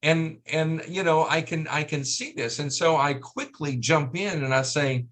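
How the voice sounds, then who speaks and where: A man talking as a guest on a radio interview, halting now and then as he searches for words, with a dry, joking humor. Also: a little high, a bit bright.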